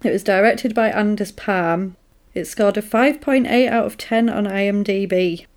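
A woman's voice: medium pitch, moderate pace, darkish tone. A woman co-hosting a podcast, retelling a film in a chatty, amused way. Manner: chatty, amused storytelling with quoted asides. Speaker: podcast co-host. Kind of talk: casual chat.

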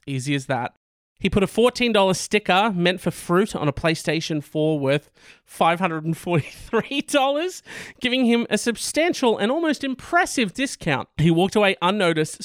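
High, smooth-voiced man ranting. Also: fairly bright tone, dry recording, studio quality. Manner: joking, ranting asides with laughs. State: coughing. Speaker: podcast host. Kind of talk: casual news-story podcast chat.

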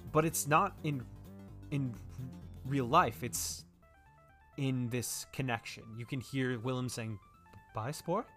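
A man running a tabletop game as game master, describing scenes in an unhurried way with pauses. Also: medium pitch, steady tone, fairly bright tone, faint music behind.

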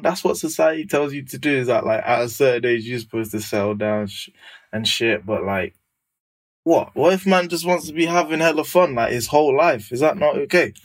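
A young man chatting casually on a podcast, full of slang and quick to laugh. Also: mid-range voice. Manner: slangy, laughs often, animated. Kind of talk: casual chat.

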